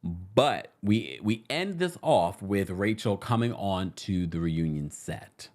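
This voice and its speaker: A man's voice: sits low, animated, takes it slowly, darkish tone. A man hosting a casual live-stream recap from New York City, chatting and reading viewer comments aloud with frequent laughs.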